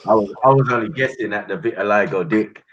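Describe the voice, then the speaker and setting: A man with a low voice makes quiet, agreeing comments in the background of a conversation. The audio is dull and lo-fi. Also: fast.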